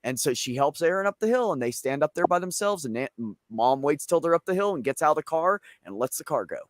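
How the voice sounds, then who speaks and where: A man's voice: on the high side, expressive, quick pace, no echo, studio quality. A man hosting a casual chat show, telling long rambling family stories with plenty of swearing. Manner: profane, rambling anecdotes. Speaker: show host.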